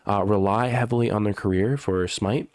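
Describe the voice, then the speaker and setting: A man's voice: lowish voice, fairly even intonation, normal speed, darkish tone, no echo, studio quality. Sick-sounding man rambling about patch notes. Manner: rambling, filler-heavy and profane. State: sick, stuffy voice. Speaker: gaming YouTuber. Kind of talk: casual patch notes commentary.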